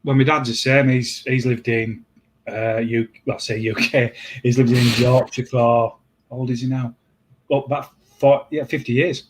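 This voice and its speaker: A man hosts a relaxed conversation, rambling through his points and stopping to restart sentences. His voice sits at an average pitch for a man. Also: background noise. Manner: rambling, halting, many restarts. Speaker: host. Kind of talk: casual chat.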